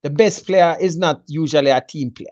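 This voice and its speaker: A man's voice: a little high, normal speed, darkish tone, dry recording, highs cut off. A man with a Jamaican accent in a casual sports chat, confidently breaking down a team selection and mixing patois with English. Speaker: football pundit.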